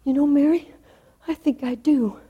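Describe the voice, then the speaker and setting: A woman voicing a young boy fleeing through the woods in a quick storybook delivery. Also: sits high, narrow, tinny audio, lightly acted.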